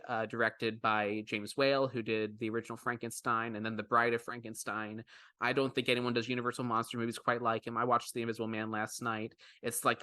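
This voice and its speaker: Recorded without any room echo, a man's mid-range voice comes across pushed and bright. He's co-hosting a podcast, chatting casually in an eager, meandering way full of false starts.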